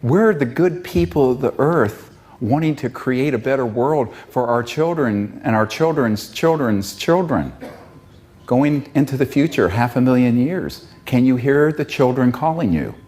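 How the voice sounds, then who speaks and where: A man's voice: medium pitch, expressive, unhurried, a little mellow. Guy giving a fired-up talk, voice swings up and down a lot, super passionate. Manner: passionate, fiery, emphatic. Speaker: public speaker. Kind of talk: impassioned public talk.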